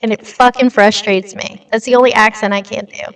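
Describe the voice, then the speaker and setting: Speaking briskly in a medium-pitched, fairly bright voice with a steady tone, a woman runs a relaxed livestream. She's blunt and talkative as she reads the news out loud and responds to her chat, sounding slightly far from the mic with light reverb.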